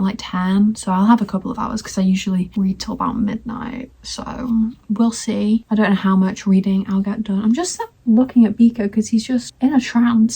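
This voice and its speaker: A woman's voice: mid-range voice, a little mellow. A nineteen-year-old woman chatting casually in a reading vlog, rambling with lots of fillers, recorded on a phone. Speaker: book vlogger. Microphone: phone camera.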